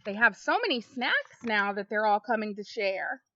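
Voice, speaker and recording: A woman reading a picture book aloud to young children, slow and expressive, chatting with them between pages. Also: medium pitch. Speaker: storybook reader. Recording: dull, lo-fi home recording.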